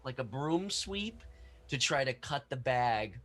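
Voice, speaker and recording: A man's voice: medium pitch, animated, slow, a bit bright, rough recording. A man playing a tabletop role-playing game, eagerly describing his character's moves in detail. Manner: eager, descriptive, occasional laughs. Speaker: player.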